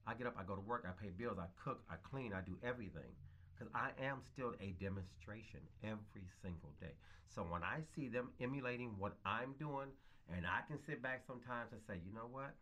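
A man's voice: on the low side, fairly quick, pushed and bright. A man in his fifties, a foster parent interviewed about his life, speaking in an earnest, reflective way and repeating phrases for emphasis. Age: 50s. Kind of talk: casual interview talk.

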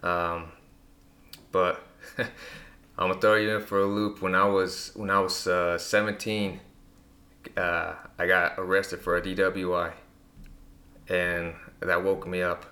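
Low gravelly man telling stories. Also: slow. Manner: relaxed storytelling with many fillers. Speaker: guest. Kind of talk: casual conversation.

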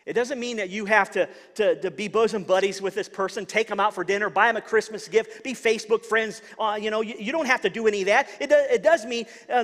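Male pastor, higher voice, earnest sermon delivery with stumbles and repeats, long hall reverb. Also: fairly bright tone. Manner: earnest, repeats words when searching for them.

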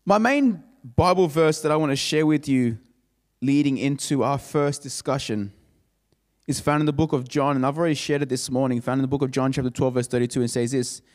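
A man's voice: medium pitch, brisk, long reverb tail. A man preaching a sermon as a pastor. He builds his points through emphatic, repeated phrases. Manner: emphatic, repetitive preaching cadence.

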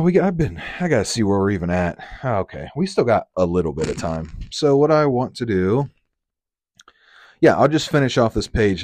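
A young man hosting a casual solo podcast, rambling and swearing often, acting out lines in quick voices. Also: on the low side, darkish tone, dry recording. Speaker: podcast host.

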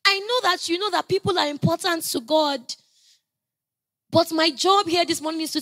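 A woman preaching a sermon, telling stories conversationally and building to loud, emphatic proclamations. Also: very high-pitched, moderate pace. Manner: conversational storytelling with playful asides.

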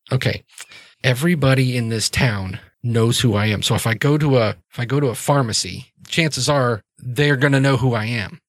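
Brash, foul-mouthed young woman, blunt and defensive, mid pitch, dry sound, played by a man. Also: normal speed, no echo, lightly acted. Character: young woman, brash party girl in trouble.

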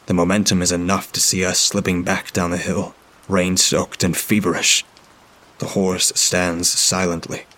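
A man narrating a horror story in a grim, steady first-person reading. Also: sits low, breathy edge.

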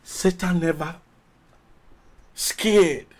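A man preaches a sermon in a slow, deliberate way, stretching his words and pausing often. His voice sits high for a man, and he repeats phrases as he builds toward rising calls. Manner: emphatic preaching with long pauses and rising calls. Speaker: pastor.

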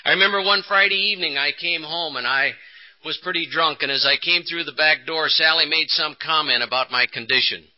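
A man with a fairly high voice gives a personal testimony at a conference, building to emphatic peaks and then pausing for effect. The recording is a dull, lo-fi 1980s tape. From Texas. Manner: storytelling with rising emphasis and dramatic pauses. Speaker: recovery conference speaker. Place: conference hall.

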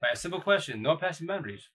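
Dude on a live stream giving blunt advice, slangy, bright sharp tone. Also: male voice, on the high side, lively intonation, rapid-fire, slightly rough, poor audio. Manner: blunt, slangy, loose and repetitive. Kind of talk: casual live-stream chat. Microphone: phone or computer mic on a live stream.

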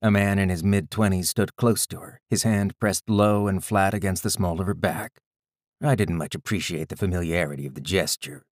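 A man reading a first-person story aloud in a measured, gritty storytelling manner. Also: low voice, dry recording, studio quality. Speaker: audiobook narrator. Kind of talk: scripted first-person narration.

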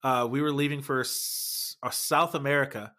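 A man's voice: medium pitch, fairly even intonation, moderate pace, bright, forceful tone. A man, a former band member, chatting casually on a podcast, swearing often and calling people man and dude. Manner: laid-back, swears often, says man and dude a lot.

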